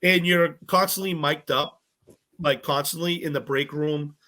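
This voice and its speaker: A young man, a podcast guest telling stories from a cooking show in a bubbly, animated way, acting out other people's lines and swearing freely. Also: fairly high pitch, measured pace. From Massachusetts, US. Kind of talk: casual storytelling chat.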